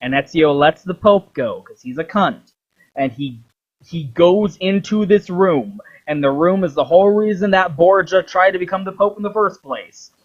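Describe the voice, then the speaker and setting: Profane, rambling young man with a fairly high voice. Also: normal speed, dull audio. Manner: profane, rambling, acts out quotes. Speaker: video host. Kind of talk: rambling game commentary.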